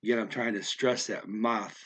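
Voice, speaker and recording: A man explaining words of a story in an unscripted lesson, thinking aloud with many fillers and repeating words slowly to practice how they sound. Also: on the low side, steady tone, a bit bright. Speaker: language learner explaining vocabulary.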